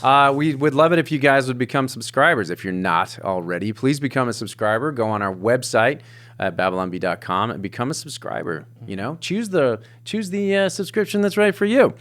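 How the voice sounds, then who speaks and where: A man's voice: medium pitch, lively intonation, fairly quick, fairly bright tone. A man hosting a podcast, joking through casual banter with his co-hosts. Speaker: podcast host. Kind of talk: casual chat.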